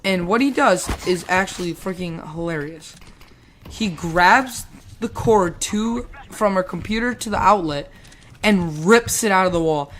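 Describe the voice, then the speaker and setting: A woman's voice: mid-range voice, fairly bright tone, a little hiss or hum. A woman casually telling a rambling story while playing a game, swearing, laughing and acting out the people in it. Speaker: gamer telling a school story.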